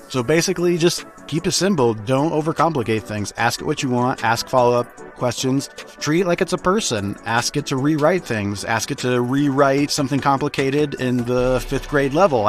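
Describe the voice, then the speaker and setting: Casual man walking through a tutorial. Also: medium pitch. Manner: relaxed, plain-spoken, with frequent "uh" fillers. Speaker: tutorial host. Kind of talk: casual screen-recorded tutorial.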